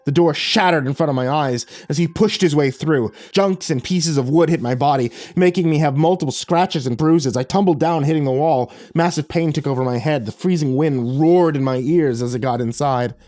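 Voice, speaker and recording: Guy reading a creepy first-person horror story, mellow low voice, dry close mic. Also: moderate pace, few pauses, dry recording.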